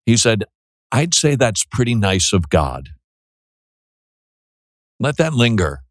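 A man's voice: fairly low pitch, sing-song, takes it slowly, no room sound, clean studio sound. A man hosting a radio call-in show, talking casually and joking with his co-host between listener questions. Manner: conversational, self-deprecating, jokey asides.

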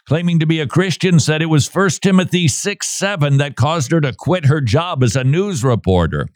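Sarcastic man with a lively voice. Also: fairly high pitch, no room sound, clean studio sound. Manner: sarcastic, joking, laughs often. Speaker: podcast co-host. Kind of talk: casual commentary.

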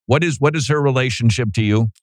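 A man's voice: mid-range voice, fast, darkish tone, no echo. A man hosting a radio talk show, commenting on played clips with sarcastic, joking asides. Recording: dry studio sound.

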